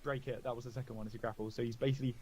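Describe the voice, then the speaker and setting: A man's voice: medium pitch, level tone, racing, mellow, husky. A man narrating as dungeon master in a tabletop game, laid-back and often laughing, with casual filler words.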